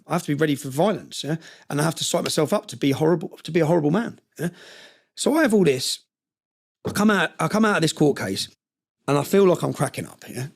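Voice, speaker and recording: A man's voice: on the high side, gravelly. A man telling a story intensely in an interview, often checking in with "yeah?" and acting out what others said. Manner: recounting with quoted dialogue. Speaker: interview guest.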